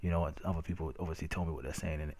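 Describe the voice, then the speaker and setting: A man's voice: extremely low pitch, fairly even intonation, very fast, dark tone, slightly rough. A young man with a London accent, ranting casually over game footage with lots of slang and repeated "innit". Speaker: gamer narrating match footage. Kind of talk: casual rant over gameplay video.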